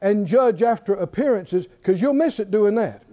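A man's voice: high voice, normal speed, dark tone, dull audio. A man preaching a sermon, emphatic and driving his points home with repeated rhetorical questions.

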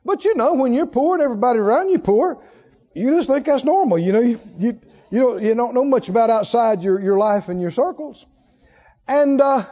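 A male pastor preaching a sermon in a large church, animated and chuckling, firing rhetorical questions at the congregation. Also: extremely high pitch. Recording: dull lo-fi sermon recording.

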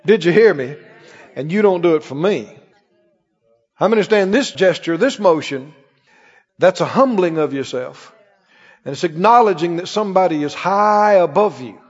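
A middle-aged man preaching a sermon as pastor, emphatic and animated, with sudden exclamations. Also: sits high, moderate pace, long pauses. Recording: dull recording with long hall reverb.

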